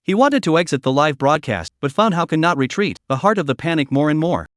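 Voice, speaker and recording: A man narrating a manhwa recap story in a flat, stilted reading of a rough translation. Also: on the high side, fairly quick, no echo, studio quality.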